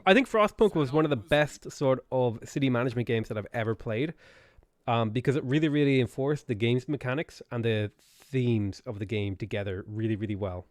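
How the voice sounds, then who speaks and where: A man streaming a strategy game who talks in a loose, playful way and keeps answering his chat between moves. His voice sits at an ordinary middle pitch for a man. The sound is dry and close, with no room echo. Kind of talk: live game stream commentary.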